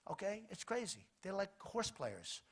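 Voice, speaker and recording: An older man giving a rambling, repetitive, boastful rally speech as a political candidate, with a husky voice. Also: high voice, very animated, a little slow. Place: outdoor rally.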